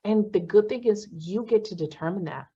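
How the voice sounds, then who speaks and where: A woman's voice: mid-range voice, normal speed, slightly rough, dull audio. Blunt, cursing woman leading a class. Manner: blunt, swears freely, animated bursts. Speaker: class facilitator. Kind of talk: casual motivational class talk.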